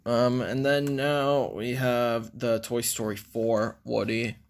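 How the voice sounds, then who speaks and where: A man's voice: medium pitch, flat delivery, slow pace, vocal fry. Casual man reviewing toys. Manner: casual, rambling with ums. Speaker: toy reviewer.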